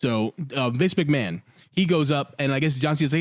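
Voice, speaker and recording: Speaking fairly quickly in a mid-range voice, a podcast co-host spins stories during casual chat and performs the quoted lines with animation. The sound is clean studio audio without echo.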